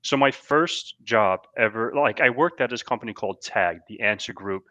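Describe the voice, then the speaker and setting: A man hosting a podcast, talking in a relaxed, agreeable way. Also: on the low side, normal speed, dry recording. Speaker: podcast host. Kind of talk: casual chat.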